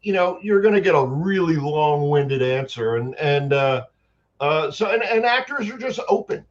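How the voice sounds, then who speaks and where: New man, guest storyteller, rambling and animated, higher pitch, muffled lo-fi audio. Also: normal speed. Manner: animated, long-winded anecdotes with many restarts. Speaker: guest, actor and paranormal investigator. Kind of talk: casual storytelling chat. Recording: dull lo-fi sound.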